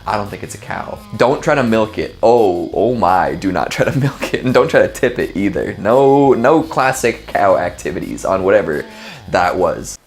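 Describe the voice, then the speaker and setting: A man's voice: on the low side, moderate pace, a little hiss or hum. Joking man reacting to clips. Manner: animated, joking, rambling with fillers. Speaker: video reaction host. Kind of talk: casual reaction commentary.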